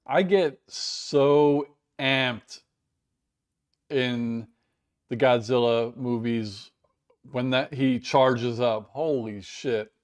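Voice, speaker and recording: A man's voice: mid-range voice, steady tone, extremely slow, long pauses. An American man hosting a casual live stream, chatting and rambling in a self-deprecating way while reading viewer comments, recorded indoors at home. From United States.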